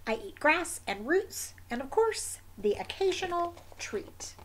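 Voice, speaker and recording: A woman's voice: very high voice, a little slow, slight background noise, voice pushed up, heavily acted. Woman reading as a stubborn, sleepy wombat. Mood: deadpan. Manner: terse diary entries, deadpan. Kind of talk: picture book read aloud.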